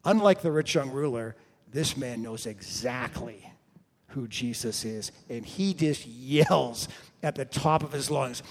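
A man preaching a sermon, retelling stories and acting out the people in them, now and then breaking into a shout. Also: medium pitch, unhurried. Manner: storytelling, acts out quoted voices with sudden shouts. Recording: long hall reverb.

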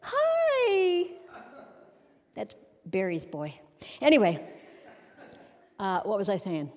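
A woman's voice: fairly low pitch, expressive, unhurried, warm tone. A middle-aged woman giving a humorous sermon on a church stage, a wry storyteller who jokes and acts out little scenes. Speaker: church speaker. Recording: long hall reverb.

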